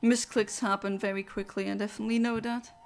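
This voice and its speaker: A woman's voice: mid-range voice, flat delivery, fast talker, soft background music. Chatty woman streaming a game. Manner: rambling, chatty, answers chat between thoughts. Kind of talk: casual livestream chat while gaming.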